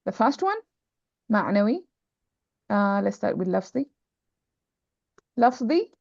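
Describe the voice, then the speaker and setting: A woman's voice: medium pitch, very animated, takes it slowly, gravelly, darkish tone, no echo. A woman teaching Arabic grammar in an online class, patiently repeating terms and checking that students follow. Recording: dull lo-fi online call audio.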